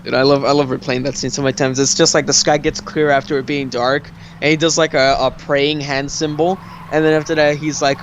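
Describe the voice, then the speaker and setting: An excitable young man chatting over a game and rambling about a favorite scene. His voice sits slightly high and keeps spiking with enthusiasm. Faint background noise sits under it. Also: a little fast, hardly any pauses. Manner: excitable, rambling, swears, lots of fillers. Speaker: let's play host. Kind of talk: casual gaming chat.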